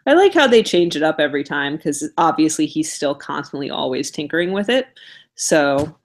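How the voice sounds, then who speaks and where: A woman co-hosting a casual podcast, opinionated and lively in her comments on films and comics, over a remote call. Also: low voice, moderate pace. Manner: opinionated, animated when quoting characters. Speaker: podcast co-host. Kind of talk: casual chat about comics and film.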